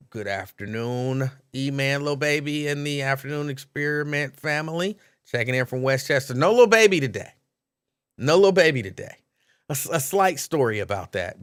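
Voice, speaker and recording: A man's voice: medium pitch, fairly bright tone. A man hosting a live call-in stream, chatting casually, reading out viewers' names and laughing easily.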